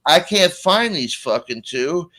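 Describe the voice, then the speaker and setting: A man's voice: fairly high pitch, expressive, slow, sharp tone. A man rambling through a crude, swear-filled party story in casual chat. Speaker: guest storyteller.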